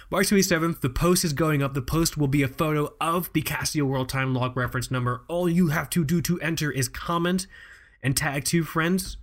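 A man co-hosting a chatty podcast. He keeps it loose and joking and swears casually as he talks. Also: fairly high pitch. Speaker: podcast co-host. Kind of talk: casual chat.

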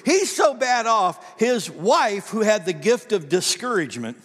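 Male pastor, higher voice, folksy and conversational, church sanctuary with long hall echo. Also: big pitch swings, moderate pace, hardly any pauses, a bit bright. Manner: folksy, conversational storytelling with frequent restarts. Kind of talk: sermon. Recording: long reverb of a large hall.

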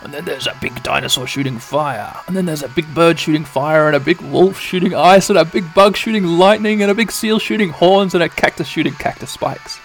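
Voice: medium pitch, fairly quick, hardly any pauses, soft background music. A podcast narrator retelling a game's cutscenes as a bedtime story, rambling with playful asides.

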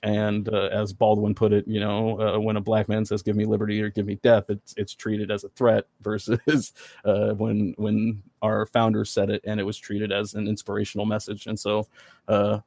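An earnest man talking on a podcast, his low voice gravelly with fry. He keeps a flat, even tone and stops and restarts often. The sound is dry and close. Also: no room sound. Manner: earnest, halting with many fillers and restarts. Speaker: podcast guest. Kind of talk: casual podcast discussion.

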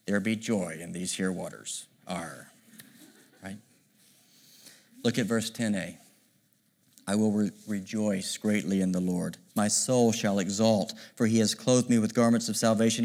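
A middle-aged man preaching a sermon in an animated, conversational way, often asking the listeners rhetorical questions. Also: lowish voice. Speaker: pastor.

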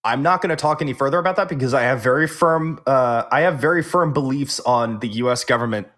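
A man's voice: medium pitch, fast talker, fairly bright tone. A man hosting a casual podcast chat, playful and teasing, swearing freely. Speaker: podcast host.

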